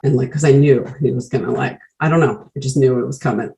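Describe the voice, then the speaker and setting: Creaky-voiced woman telling her story bluntly. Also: very deep voice, steady tone, fast, dark tone, a little hiss or hum, low-quality recording. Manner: blunt, swears freely, leans on "like" fillers. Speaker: speaker sharing her recovery story. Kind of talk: candid personal storytelling. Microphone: video call.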